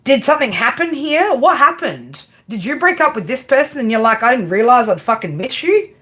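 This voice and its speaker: A woman's voice: fairly high pitch, very animated, brisk, bright, forceful tone, husky. A woman giving a live tarot reading in a brash, chatty way, swearing freely and calling her viewer girl and baby. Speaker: tarot reader.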